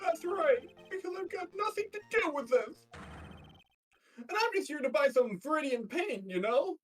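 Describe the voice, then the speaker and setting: A shrill, jumpy young man voice, as a woman puts it on, stammering and yelling in panic. The pitch jumps high and swoops all over, nervous and whiny. He reads as a game witness who cannot keep his story straight. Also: lively intonation, moderate pace, recorded from a distance, faint music behind. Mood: defensive. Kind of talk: reading game dialogue aloud.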